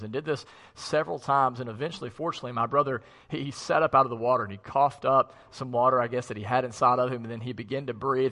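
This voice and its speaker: Bright-voiced male pastor in an echoey hall. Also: medium pitch. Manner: conversational storytelling with frequent fillers. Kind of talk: co-preaching an online sermon. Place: empty church auditorium. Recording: long reverb of an empty hall.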